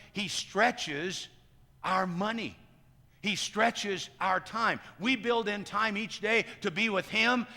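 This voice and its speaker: High bright-voiced preacher in a hall. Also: male voice. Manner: swings between loud emphatic lines and hushed quiet ones. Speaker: pastor. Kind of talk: sermon. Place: church sanctuary.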